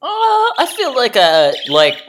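A man's voice: very high-pitched, wildly swooping pitch, slow, noisy background. A man co-hosting a casual podcast, asking teasing questions and stumbling over them. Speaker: podcast co-host. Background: pet bird squawking.

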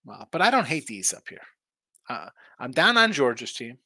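A man's voice: mid-range voice, huge pitch swings, normal speed, bright, forceful tone, no room sound. A man hosting a sports betting live stream, tired and yawning, rambling through picks and reading viewer chat aloud. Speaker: sports betting show host.

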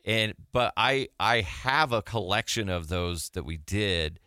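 A man hosting a podcast, telling animated stories in casual chat and laughing often. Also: lowish voice, unhurried, smooth, dry recording, clean studio sound. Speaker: podcast host, former radio sidekick.

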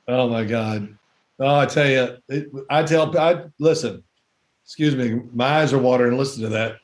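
A man's voice: mid-range voice, moderate pace. A man in his sixties, a former quarterback, chatting as a podcast guest and telling wry stories. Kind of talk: casual podcast chat.

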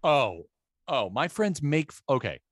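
A man co-hosting a casual movie podcast, talking in animated, rambling asides. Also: a little high, measured pace, no room sound, clean studio sound. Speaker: podcast co-host.

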